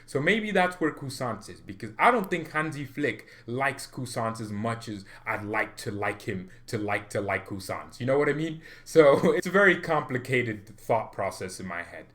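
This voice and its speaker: Excitable man ranting about football. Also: mid-range voice, moderate pace, hardly any pauses. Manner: swings from mock-romantic murmur to loud excited ranting; playful and exaggerated, jumps into comic voices. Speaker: football fan vlogger. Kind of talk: animated fan rant.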